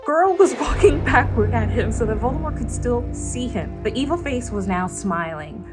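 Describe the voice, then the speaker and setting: A young woman vlogger reading a novel aloud, expressive and easily spooked, breaking off to react. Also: fairly high pitch, normal speed, over loud music.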